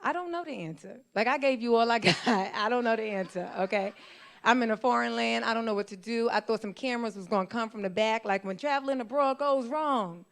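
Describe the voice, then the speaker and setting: Woman comic from New York, stand-up set, animated storytelling, laughs through her lines. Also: on the high side, a little fast. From New York, USA. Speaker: comedian. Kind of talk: stand-up comedy. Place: live show in a church venue.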